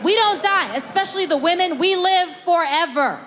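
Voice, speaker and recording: A woman comedian delivers a stand-up set with punchy, emphatic setups. Her voice sits high. A long hall reverb trails each line. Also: expressive, moderate pace, a bit bright, a faint crowd, a little hiss or hum. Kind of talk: stand-up routine.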